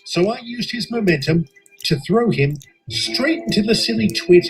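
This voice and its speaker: A man's voice: sits high, lively intonation, moderate pace, pitched above the performer's own voice, low-quality recording. A man voicing a tough, proud male station master, firm and clipped. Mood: boastful.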